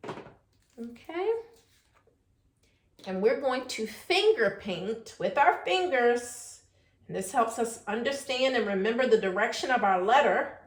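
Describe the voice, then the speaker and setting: Sing-song preschool teacher woman, high and lively. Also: slight background noise. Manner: sing-song, drawn-out sounds, coaxing questions. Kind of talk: virtual preschool class. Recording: echoey room.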